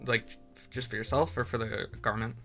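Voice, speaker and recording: A man's voice: medium pitch, flat delivery, fairly quick, creaky, fairly bright tone, soft background music. A man running a tabletop game as game master, narrating casually with lots of fillers.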